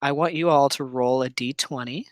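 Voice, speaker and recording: A game master narrating a tabletop game and laying out each creepy detail slowly, with pauses between the beats. The voice sits at an ordinary pitch and is recorded dry and close, with no room around it. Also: no room sound, low-quality recording. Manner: slow, suspenseful scene-setting with pauses.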